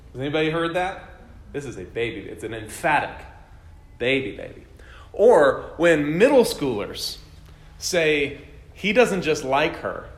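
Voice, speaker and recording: A man leading a classroom Bible lesson, chatty and quizzing his students with self-deprecating jokes. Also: fairly high pitch. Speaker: Bible study teacher. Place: classroom with a group. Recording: echoey room.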